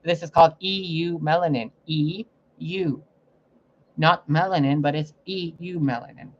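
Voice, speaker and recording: This man's ranting spiritual monologue, given as a psychic reader, is profane and confrontational. He speaks unhurriedly in a fairly high voice with a steady tone, captured on a muffled lo-fi recording with faint noise.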